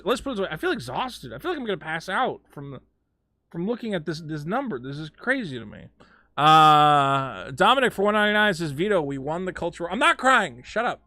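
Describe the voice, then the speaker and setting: A man chatting casually with his viewers while playing a game on a live stream. He is excitable, stammers through restarts and swears a lot. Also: high-pitched, no room sound, clean studio sound.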